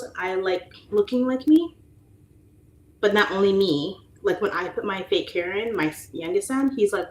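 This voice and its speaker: A woman in her thirties hosts a casual livestream, chatting, laughing often, and mimicking voices as she reads out viewer comments. Her voice is lowish and a little mellow, but the audio is poor, with an echoey room and slight hiss or hum.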